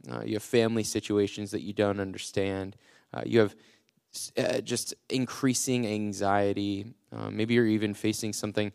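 A man preaching a short devotional podcast sermon as a youth pastor, earnest and encouraging, often slowing right down to stress a line. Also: on the low side, gravelly, clean tone. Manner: earnest and encouraging, slows down for emphasis; many filler "uh"s and restarts.

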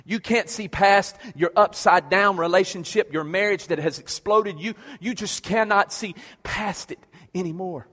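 A man's voice: high voice, moderate pace, few pauses, fairly bright tone, long reverb tail. A man preaching a passionate sermon as pastor, repeating questions and stammering through restarts.

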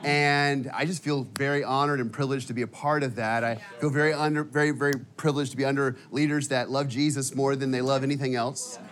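A man preaching a sermon in a church, energetic and casual, with many fillers and restarts, sometimes emotional. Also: mid-range voice, fast, hardly any pauses. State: emotional at times. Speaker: guest preacher. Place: church auditorium.

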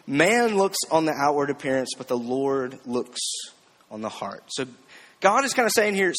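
A man's voice: medium pitch, very animated, normal speed, fairly bright tone. Chatty male preacher in a reverberant hall. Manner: casual, with frequent rhetorical "right?" checks and light self-deprecating jokes. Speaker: preacher teaching a series. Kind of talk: conversational sermon.

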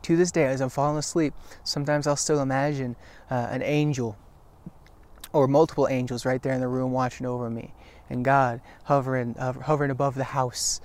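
A man speaks to camera in an earnest, encouraging devotional talk, his voice sitting at an ordinary middle pitch. He leans on repetition for emphasis and often breaks off to restart his sentences. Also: flat delivery, darkish tone. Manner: halting with frequent restarts. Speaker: Christian video teacher.

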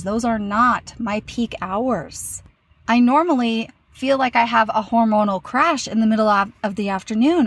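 A woman in her thirties hosting a solo podcast, talking candidly and chattily about her week and poking fun at herself. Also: mid-range voice. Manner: candid, chatty, self-mocking. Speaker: podcast host. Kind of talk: casual solo podcast talk.

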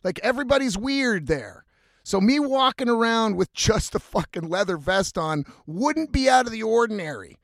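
A man with a slightly high voice tells a long, rambling story, full of swearing. His delivery is casual and animated. The sound is dry and close, with no room echo. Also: moderate pace. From Canada.

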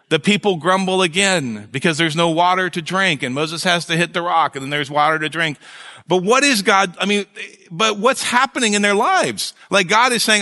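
A male pastor preaching a sermon in a conversational, animated way, with jokes and asides to his congregation. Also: high voice, normal speed, big-room sound.

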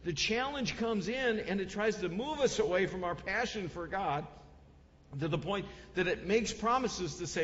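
A man preaching a sermon with lively delivery, often repeating words and acting out the lines he quotes. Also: high voice, normal speed, slight background noise. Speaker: pastor. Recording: muffled audio, long hall reverb.

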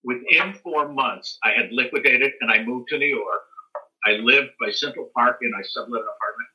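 An older American man, an interview guest, telling a long story in a casual, animated way. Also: medium pitch, moderate pace, muffled recording. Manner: animated storyteller, acts out quotes and sings dance beats.

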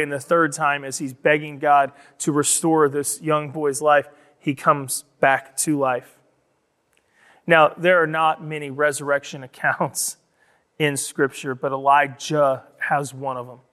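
Guy preaching a sermon, slightly high voice, gets loud and emphatic, big echoey hall. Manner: storytelling preacher, rising to loud emphatic delivery. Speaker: pastor. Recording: long hall reverb.

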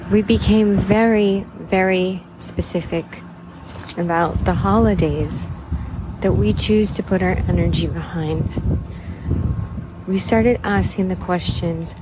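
Slow, reflective woman host, lowish voice, audible background noise. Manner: measured, contemplative, drifting into soft whispers. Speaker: podcast host.

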